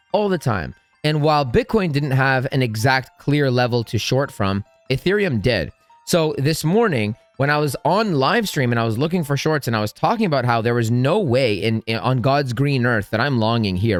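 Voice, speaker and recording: A man's voice: mid-range voice, no echo. A man hosting a trading channel, giving casual, emphatic market commentary over charts and often tagging on "right?". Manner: emphatic, blunt, keeps asking "right?".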